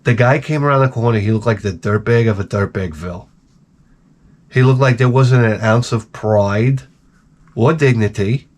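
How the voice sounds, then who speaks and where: Man, casual rambling monologue, profane, animated, average pitch. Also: moderate pace. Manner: profane, animated storytelling, acts out people he quotes. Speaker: video creator.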